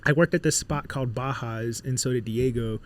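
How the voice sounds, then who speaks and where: A man from Miami in his thirties, a podcast guest telling lively stories in casual chat and acting out the voices of people he quotes. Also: medium pitch, brisk, slight background noise. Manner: animated storyteller, acts out quotes.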